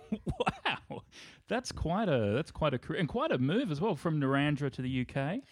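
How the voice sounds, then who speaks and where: A man's voice: on the high side, huge pitch swings, moderate pace. A man hosting a comedy podcast, asking playful, teasing questions. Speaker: host. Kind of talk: casual comedy podcast chat.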